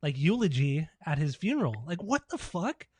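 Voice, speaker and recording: Casual man on a podcast, slightly high voice. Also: sing-song, normal speed, darkish tone, breathy edge, dry recording. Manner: rambling, laughs often, heavy use of "like". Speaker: podcast co-host.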